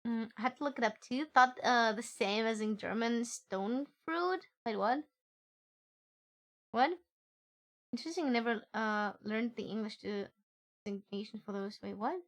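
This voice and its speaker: A woman's voice: on the high side, normal speed. A woman streaming a game, reading the story text aloud and joking playfully with chat, often giggling.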